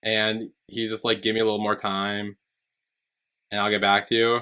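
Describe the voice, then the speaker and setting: A man's voice: lowish voice, monotone, moderate pace, bright, forceful tone, clean tone. A man co-hosting a podcast, casually retelling a TV episode and quoting the characters. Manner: retells scenes with quoted lines, many "like" and "um". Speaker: podcast co-host. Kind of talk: casual recap chat.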